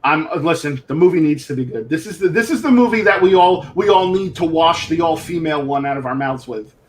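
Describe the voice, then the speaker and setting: A man's voice: fairly high pitch, expressive, fairly quick. Opinionated man ranting on a collectibles show. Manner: opinionated, ranting, repeats words when starting sentences. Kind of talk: casual live-stream chat.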